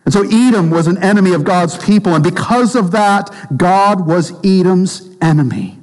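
A man preaching a sermon as pastor, emphatic, repeating phrases and dropping low and slow for stress. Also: expressive, darkish tone, big-room sound, rough recording.

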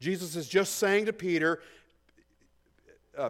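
A man preaching an expository sermon, emphatic, swinging between hushed asides and loud stresses, often repeating words as he thinks. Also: fairly high pitch, expressive, normal speed. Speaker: pastor.

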